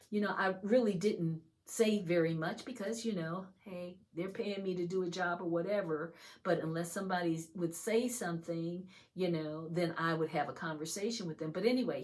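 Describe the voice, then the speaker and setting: Woman host, casual religious testimony; exuberant, breaks into soft whispered prayer. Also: lowish voice. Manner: exuberant, shifts between loud excitement and hushed whispers; chatty, many fillers like "you know". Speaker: video host sharing testimony.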